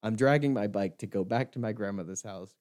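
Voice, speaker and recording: A man's voice: lowish voice, brisk. Laughing young man telling a story. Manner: animated storyteller, acts out quotes, laughs often. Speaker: podcast co-host. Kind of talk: casual chat, telling a story.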